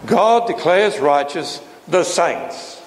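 A man's voice: on the high side, animated, slow. A man preaching a sermon with emphatic delivery and frequent rhetorical questions. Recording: echoey hall with faint noise.

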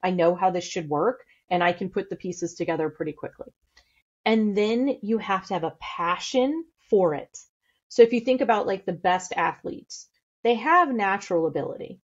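Her voice is mid-range and slightly rough, recorded with the highs cut off. She's a middle-aged podcast guest from St. Louis, USA, blunt, candid, and fast-talking in a casual interview.

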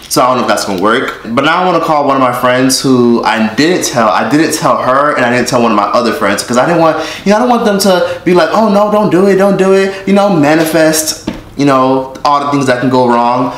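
Speaking quickly in a slightly bright, mid-range voice, a YouTuber films himself on his phone for a casual vlog. There's plenty of swearing and joking aimed right at the audience, and the room adds echo and faint noise.

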